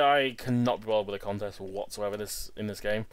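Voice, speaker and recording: A man hosting a game video, giving casual, excitable commentary that stumbles over repeated words and restarts. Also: lowish voice, normal speed, smooth, no echo. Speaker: Let's Play host.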